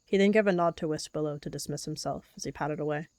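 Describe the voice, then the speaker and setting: A woman calmly narrating a game role-play as a story. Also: low voice, fast talker, no echo, clean studio sound.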